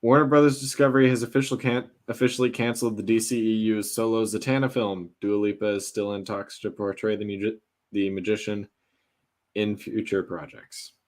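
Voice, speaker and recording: A young man with a fairly low voice reads entertainment news as a podcast co-host. He speaks in a relaxed, casual way and pads his sentences with hesitant fillers. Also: brisk. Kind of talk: casual chat.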